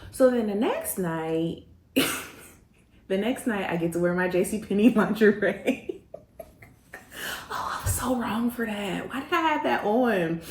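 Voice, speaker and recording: A woman tells a personal story with loose, slangy energy, slipping into the voices of the people in it. Her pitch sits in a middling range. The recording carries a noticeable room echo. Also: measured pace, long pauses. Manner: animated, slangy, acts out quoted voices. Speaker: host.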